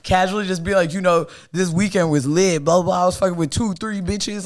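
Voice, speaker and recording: A man's voice: high voice, steady tone, a little fast. A man co-hosting a podcast, talking things through in casual chat, reflective and explanatory with lots of "like". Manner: reflective, explaining ideas with many "like" fillers. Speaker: podcast co-host.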